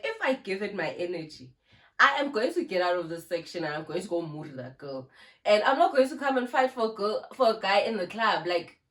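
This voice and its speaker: Speaking on the high side with a fairly bright tone, this young South African woman shares a lively, casual story with her phone camera and ring light. The YouTuber has a South African accent and drops Zulu words into her telling.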